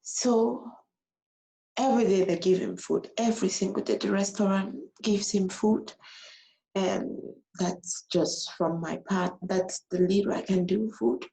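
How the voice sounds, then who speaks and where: Woman vlogger, casual emotional story, mellow gravelly voice. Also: mid-range voice, unhurried, rough recording. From abroad. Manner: animated, repeats herself.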